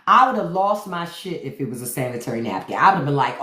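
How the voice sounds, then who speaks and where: A woman's voice: low-pitched, sing-song, fast talker, few pauses, sharp tone. A woman hosting a livestream, giving blunt, profane, mocking commentary straight to her viewers. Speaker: livestream host. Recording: roomy echo.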